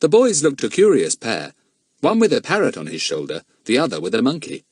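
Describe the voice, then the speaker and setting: Husky, animated male storyteller. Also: mid-range voice, a little fast, dry recording, studio quality. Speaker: audiobook narrator. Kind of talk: scripted narration.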